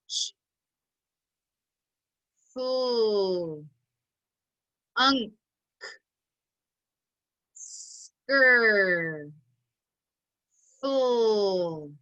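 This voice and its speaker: Woman, phonics teacher, slow drill calls, bright voice. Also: medium pitch, low-quality recording. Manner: slow, deliberate drill calls, sounding out each part. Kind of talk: online phonics lesson.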